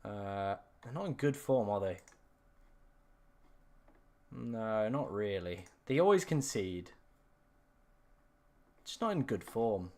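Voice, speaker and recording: A young man, his voice raspy and strained after hours of live streaming. He rambles and corrects himself as he chats to his viewers from home. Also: fairly low pitch, animated, slow pace, pauses often, a little mellow. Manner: rambling, self-correcting, talks to chat. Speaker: fantasy football streamer. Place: room at home.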